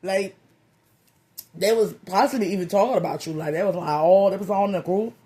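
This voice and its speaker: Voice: mid-range voice, fairly quick, mellow. A tarot reader giving a comedic reading in a loose, slangy, playful way, with profane jokes and lots of repeated phrases. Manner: profane joking.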